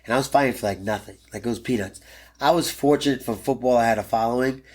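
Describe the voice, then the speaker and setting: A man's voice: medium pitch, quick pace, slightly rough. A man in his thirties, a pro fighter guest in an interview, telling a story bluntly and animatedly and swearing freely.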